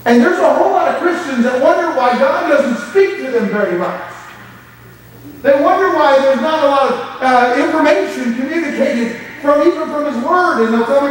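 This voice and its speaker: A man's voice: very high-pitched, lively intonation, moderate pace, slight background noise. A man preaching a sermon as pastor, with rising emphasis and quoted asides. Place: church sanctuary. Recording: echoey church hall from far off.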